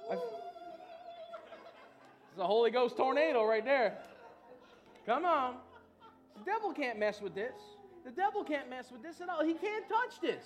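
A male pastor preaching an energetic sermon in a church, calling out to the congregation and breaking into loud whoops. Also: very high voice, normal speed, pauses often, faint music behind. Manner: shouts of woo, call and response.

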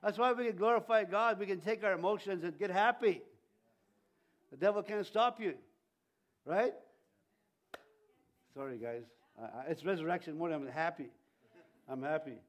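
Animated high-voiced preacher man. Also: moderate pace, pauses often. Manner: conversational, animated, jokey asides. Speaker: pastor. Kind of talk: Easter sermon.

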